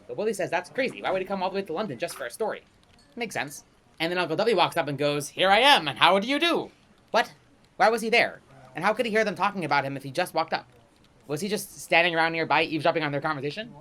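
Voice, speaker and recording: A man performing a comedic pitch-meeting sketch, trading quick lines between two characters. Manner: rapid, animated back-and-forth between two characters.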